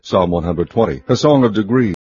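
Low, mellow man reading scripture. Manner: measured, even, solemn recitation. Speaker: scripture reader. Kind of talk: steady scripted Bible reading. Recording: muffled lo-fi recording.

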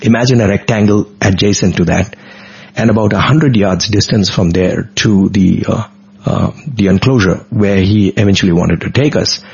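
A man's voice: lowish voice, normal speed, creaky, darkish tone, slightly rough. A middle-aged man, earnestly recounting a devotional personal story in vivid detail in an interview. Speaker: guest. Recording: dull lo-fi recording.

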